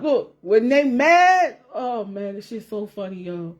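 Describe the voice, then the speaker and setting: With a somewhat high, slightly mellow voice at normal speed, a woman vlogger talks straight to her audience in a loose, casual chat to camera. She wanders, circles back to say things again, cusses without restraint and laughs throughout.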